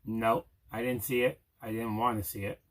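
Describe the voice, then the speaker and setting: A man's voice: mid-range voice, little pitch movement, normal speed. A man co-hosting a casual movie review show, talking in a laid-back, offhand way. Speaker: co-host. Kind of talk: casual chat.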